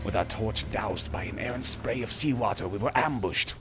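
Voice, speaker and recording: A man's voice: lowish voice, lively intonation, normal speed, over music, close to an everyday voice. Man putting on a cockney adventurer's journal voice. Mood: grave. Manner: theatrical, exaggerated delivery. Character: male adventurer reading his journal, put-on cockney. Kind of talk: mock dramatic journal reading.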